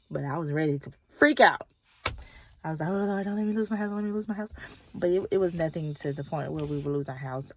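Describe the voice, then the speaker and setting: Her voice sits low, creaky and a little mellow, with a bit of hiss or hum, as this young nurse vlogs casually from a kids' sports game. She chats candidly and sometimes slips into a whisper.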